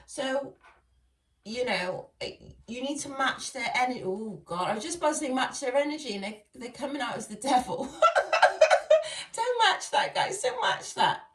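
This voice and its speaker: At a normal speed and a fairly high pitch, a woman gives a friendly tarot reading, laughing often as she chats with viewers. The sound is echoey and distant from the mic.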